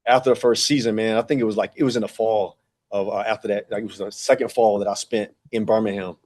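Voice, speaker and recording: He speaks fast with a steady tone, his fairly low voice a touch mellow. A podcast guest in his forties who works as a track and field director, he tells a long, rambling personal story full of fillers and acted-out dialogue.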